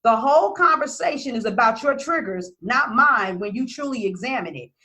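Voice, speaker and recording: A woman's voice: on the high side, animated, normal speed, sharp tone. A woman business coach talking casually to her followers, blunt and emphatic, swearing freely.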